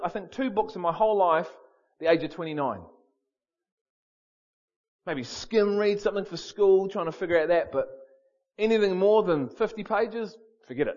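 A man preaching a sermon in an animated, storytelling way, repeating words for emphasis. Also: high voice, lo-fi sound.

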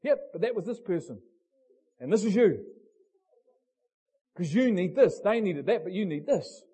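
A man's voice: high-pitched, a little slow, breathy edge, exaggerated voice. Man doing a firm, unbending God. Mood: firm, matter-of-fact. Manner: flat, firm refusals.

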